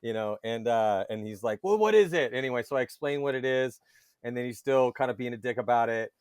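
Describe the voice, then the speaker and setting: A man chatting casually on a podcast, telling lively stories and swearing casually. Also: medium pitch, fairly quick, smooth, no room sound, studio quality. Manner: animated storyteller, swears casually. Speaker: paintball commentator guest.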